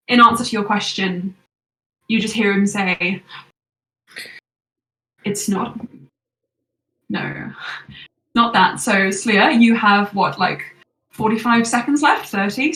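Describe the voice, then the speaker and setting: A woman narrates a tabletop game as its game master, describing each moment with measured, descriptive detail. She sounds set back from the mic in a roomy, echoing space. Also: medium pitch, fairly bright tone. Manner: descriptive, measured narration with quick rules talk. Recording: echoey room, voice from far off.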